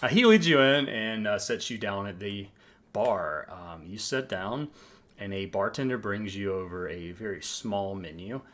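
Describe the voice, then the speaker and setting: A game master narrating a tabletop game, pausing often with ums. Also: low-pitched, animated, fairly bright tone. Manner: halting, lots of ums.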